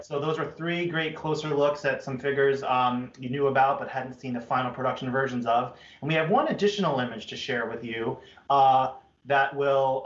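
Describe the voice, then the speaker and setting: A man hosting a live stream product presentation, upbeat and chatty with many fillers. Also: medium pitch. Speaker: toy brand host. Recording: muffled, roomy stream audio.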